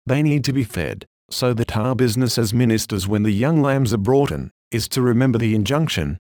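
A man's voice: mid-range voice, lively intonation, brisk, a little mellow, no echo. Guy reading a sermon, formal old-timey preaching, dead dry recording. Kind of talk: read-aloud sermon.

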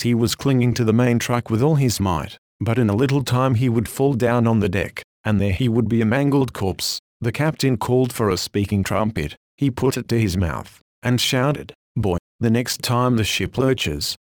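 A man's voice: mid-range voice, a little mellow, dry recording, studio quality. Earnest man reading an old sermon. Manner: earnest, pleading exhortation in old-fashioned language. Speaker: preacher.

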